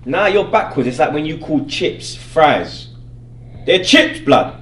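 Animated London man in an echoey room. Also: a little high, slow pace, recorded from a distance. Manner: animated, laughing, street slang. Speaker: host. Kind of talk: casual banter about slang.

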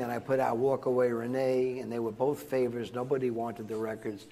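An older man with a rough, gravelly edge to his voice tells stories to a live audience of students. He talks in a chatty, digressive way, restarting his sentences and chuckling along as he goes. His pitch sits in an ordinary middle range for a man. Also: little pitch movement, brisk, warm tone. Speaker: guest speaker. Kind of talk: rambling anecdotal storytelling to students.

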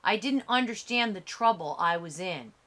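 A woman reading the lines of a ghostly teenage boy in an audiobook, quiet and confessional. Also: mid-range voice, lively intonation, normal speed, close to an everyday voice. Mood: confessing.

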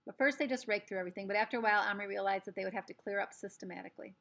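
A woman's voice: medium pitch, racing, creaky, fairly bright tone. A woman reading a children's novel aloud, breaking off for chatty asides to young listeners. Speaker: storyteller.

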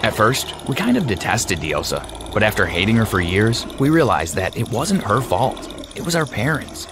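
Wry low-voiced male narrator. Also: very animated, moderate pace, noisy background. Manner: wry, sardonic. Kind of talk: scripted story narration. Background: faint music.

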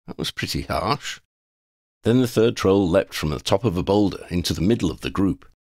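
A man reading a fan fiction chapter aloud as an audiobook narrator, with expressive storytelling. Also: deep voice, a little fast, dry recording, studio quality.

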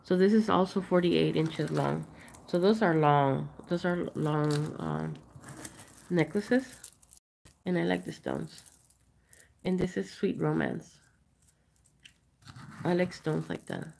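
A woman's voice: low voice, big pitch swings, takes it slowly, gravelly, long pauses, a little mellow, slight background noise. A woman chatting casually while she shows and prices jewelry on a live sale stream. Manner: chatty, rambling, showing items up close. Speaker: online jewelry seller.

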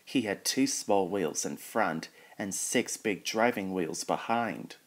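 A man reading a children's train story aloud, voicing all the characters in his own plain voice. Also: deep voice. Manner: reads every character in his own voice, slow and even.

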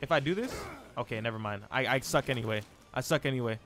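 A young man streaming live gameplay, chatting in an excitable, slangy, self-mocking way. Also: medium pitch, quick pace.

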